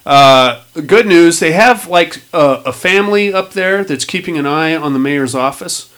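A man's voice: on the high side, a little slow, clean tone. A man casually recapping a film plot with lots of swearing, acting out lines from the story. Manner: animated, swearing, acting out quotes. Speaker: podcast host recapping a film. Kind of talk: casual profane movie recap chat.

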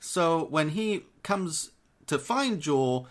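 A man's voice: fairly high pitch, expressive, takes it slowly. A man hosting a podcast, casually recapping an episode in a rambling, profane way with lots of fillers. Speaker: podcast host.

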